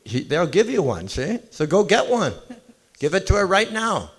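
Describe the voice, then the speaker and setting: Man, informal devotional talk, fairly high-pitched voice, conversational, speaks straight to listeners, long hall echo. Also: very animated, normal speed, slightly rough. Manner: conversational, chatty, addresses listeners directly. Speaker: visiting temple speaker. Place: large temple hall. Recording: reverberant temple hall.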